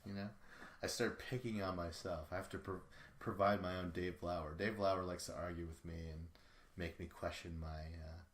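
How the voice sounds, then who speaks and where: A man's voice: deep voice, fairly even intonation, normal speed, roomy sound. A man hosting a podcast alone, recapping in a casual, rambling way that is full of profanity. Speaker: podcast host. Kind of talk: solo show recap.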